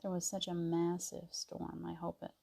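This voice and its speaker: A gentle woman hosts a casual live stream and chats with viewers, greeting each one by name. Her voice sits a little low and has a gravelly edge, with a warm, mellow tone. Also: completely flat delivery, moderate pace. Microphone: device mic on a video stream.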